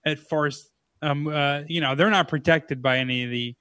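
A man's voice: fairly high pitch, moderate pace, sharp tone, no echo. A man co-hosting a casual chat, joking and riffing with made-up theories. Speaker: podcast co-host.

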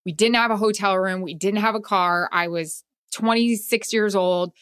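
A woman in her forties, a sports producer co-hosting a casual chat, talking in a chatty, reactive way with quick asides. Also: medium pitch, steady tone, fairly bright tone, clean tone. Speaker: sports producer and podcast co-host.

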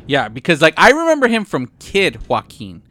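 Man podcast co-host, casual film talk, bright, filler-heavy, dry sound. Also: a little high, huge pitch swings, moderate pace, no room sound. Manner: rambling, lots of fillers like "like". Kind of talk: casual movie chat.

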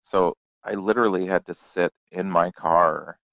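Deep gravelly comedian guy telling stories, kinda muffled dry sound. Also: fairly even intonation, moderate pace, dry recording. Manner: laid-back storyteller, acts out quoted voices. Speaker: comedian guest. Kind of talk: casual storytelling chat.

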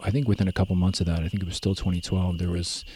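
A young man telling his story in a relaxed, rambling way, full of fillers and self-corrections. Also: deep voice, rapid-fire, slight background noise. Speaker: guest. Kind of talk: casual conversational storytelling.

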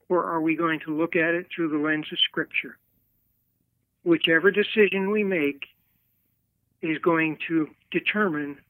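A man giving a slow, earnest preacherly talk, heard over a tinny phone line. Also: high-pitched, no echo. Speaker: guest speaker.

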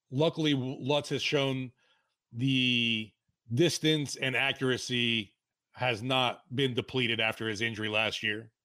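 Easygoing man with a bright voice. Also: medium pitch. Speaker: podcast co-host. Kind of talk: casual sports podcast chat.

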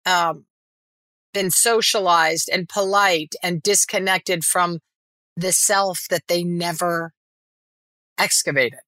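A woman, an actress guest on a podcast, talking in an animated way with many restarts and acted-out quotes. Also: lowish voice, slow pace, long pauses, no echo, studio quality. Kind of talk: casual podcast chat.

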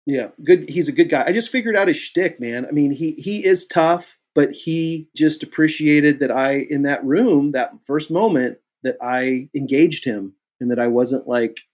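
A husky-voiced man from Kansas City tells long, animated stories as a guest in a casual interview. He acts out both sides of each exchange and his voice jumps high as he plays them. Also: a little slow, few pauses. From Kansas City, USA. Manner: animated storyteller who acts out both sides of dialogues, jumping high in pitch. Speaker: guest actor.

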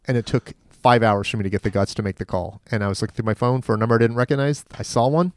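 A man talks quickly at an average pitch, telling a long, rambling story on a comedy podcast. He acts out the other people in the story as he goes. The sound is dry and close to the mic. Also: steady tone, darkish tone, dry recording. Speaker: podcast co-host. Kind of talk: casual comedy podcast chat.

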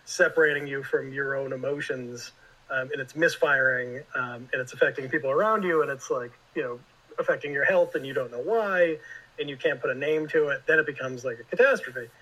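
A man's voice: medium pitch, fairly quick, a bit bright, low-quality recording. A man talking as a guest writer in a casual interview, rambling and leaning heavily on filler words.

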